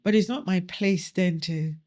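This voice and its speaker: A middle-aged woman from Nigeria, speaking a little low in her range. She tells personal stories as a podcast guest. She acts out the voices of the people she quotes with lively energy. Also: normal speed. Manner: animated storyteller who acts out quoted dialogue. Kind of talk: storytelling in a podcast interview.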